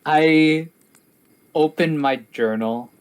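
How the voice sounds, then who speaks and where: A man's voice: on the high side, takes it slowly, smooth. A man playing a tabletop game, speaking in character and out, hesitant and full of fillers. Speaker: player. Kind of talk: casual tabletop play.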